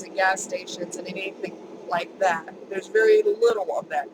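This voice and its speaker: A woman's voice: lowish voice, steady tone, moderate pace, noisy background. A woman vlogger telling a personal story in a chatty, emphatic way, repeating words for stress.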